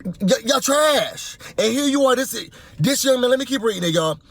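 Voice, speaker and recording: A man's voice: very high voice, lively intonation, moderate pace, a bit bright. A man from Rochester, New York, talking to his viewers from his car, impassioned and emphatic, repeating points for weight. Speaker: vlogger. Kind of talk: casual vlog rant to viewers. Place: in a car, driving.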